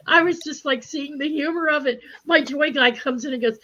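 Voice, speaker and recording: A woman telling a story in a casual group talk, animated and laughing often as she acts out the voices of people in it. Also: high-pitched, moderate pace, hardly any pauses. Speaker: spiritual group speaker. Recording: dull lo-fi livestream audio.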